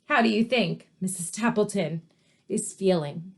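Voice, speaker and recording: A woman teacher reading a storybook to children, pausing to ask questions and explain words. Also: mid-range voice, breathy edge. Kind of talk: read-aloud story lesson for children.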